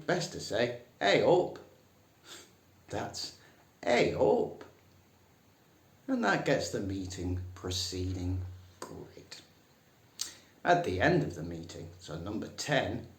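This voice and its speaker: A man teaching a comic lesson, dry and mock-serious, putting on higher voices for the phrases he quotes. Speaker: English teacher. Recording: echoey room.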